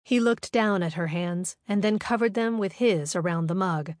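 A woman reading a romance novel aloud in smooth, even scripted narration. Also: mid-range voice, normal speed, dry recording, studio quality. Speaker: audiobook narrator.

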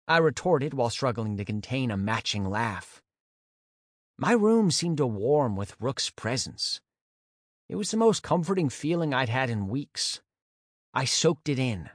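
A male audiobook narrator tells a first-person story with an animated, varied pitch. His delivery is expressive and storytelling in feel. The sound is dry and close, with no room echo.

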